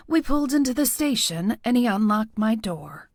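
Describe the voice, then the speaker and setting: A woman narrating a first-person audiobook with a wry, expressive delivery on a close studio mic. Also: fairly high pitch, normal speed, no room sound.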